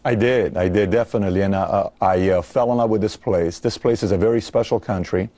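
A man interviewed as a guest on a radio show, telling his story in a brisk, animated way into a studio microphone. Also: fairly low pitch, no echo. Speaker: guest, business founder.

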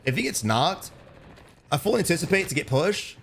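A young man giving blunt, profane gameplay commentary as a streamer, breaking into loud excited bursts. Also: sits high, fairly quick, gravelly, slight background noise. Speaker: gaming streamer.

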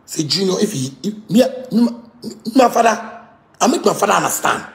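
Heated Ghanaian man, high gravelly voice. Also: lively intonation, normal speed, roomy sound. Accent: Ghanaian Pidgin English. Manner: heated, repetitive, stammering outbursts. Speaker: musician. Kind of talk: angry rant.

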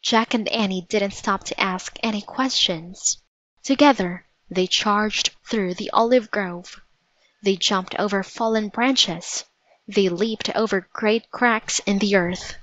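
A woman narrating a storybook in a measured, vivid read-aloud manner. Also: mid-range voice, fairly bright tone, dry recording, muffled recording.

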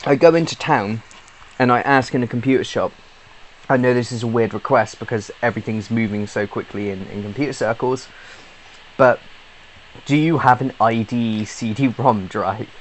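A man's voice: mid-range voice, normal speed, a little hiss or hum, poor audio. A British man, a YouTube gamer, giving a casual rambling update, chatty and swearing freely with lots of fillers and restarts. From Britain.

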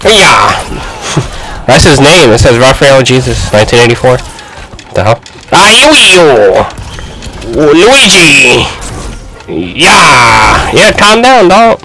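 Excitable man yelling over a fighting game. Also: medium pitch, slow, pauses often, soft background music, low-quality recording. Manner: excitable, shouting and trash-talking at the game. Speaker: gaming YouTuber. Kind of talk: casual game commentary.

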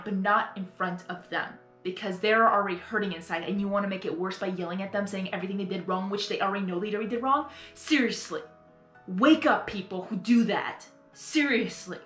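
A woman in an echoey room, with faint music playing behind her, talks through a live reaction. Her rant is earnest and rambling, broken up by apologies. Her voice sits at a middling pitch. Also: fairly bright tone. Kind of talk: ranting reaction commentary.

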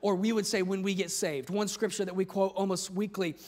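A man preaching a sermon in a large church hall, with an urgent, impassioned delivery. His voice sits fairly high for a man. Long reverb hangs behind every phrase. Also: level tone, a little fast. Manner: impassioned preaching that rises to shouts. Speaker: pastor.

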